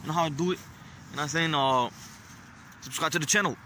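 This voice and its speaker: A young man vlogging on a phone outdoors at a bus stop, boastful and profane in a loud, swaggering way. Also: a little high, fast. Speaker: vlogger and rapper. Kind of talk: casual street vlog, partly rapped. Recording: outdoor phone recording with traffic noise. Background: street traffic.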